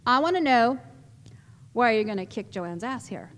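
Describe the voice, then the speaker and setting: A woman's voice: on the high side, expressive, moderate pace, lightly acted. A woman voicing a tough, protective teenage girl who speaks bossily and firmly, in an echoey hall. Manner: bossy, firm.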